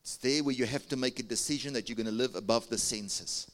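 Speaking fairly quickly in a fairly bright tone, a male pastor with a South African accent delivers a sermon. He coaxes the congregation to respond and raise hands, his pitch swinging widely.

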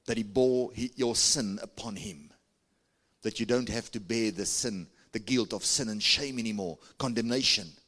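At a normal speed and with a fairly bright tone, a South African male pastor preaches. His pitch swings widely as he coaxes his church to reply and lift their hands.

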